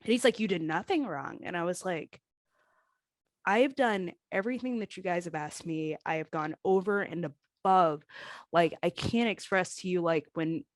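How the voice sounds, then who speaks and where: A woman's voice: lowish voice, normal speed, no room sound. Candid woman telling a painful story. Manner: emotional, candid, quotes others in lively voices. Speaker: guest, former pro wrestler.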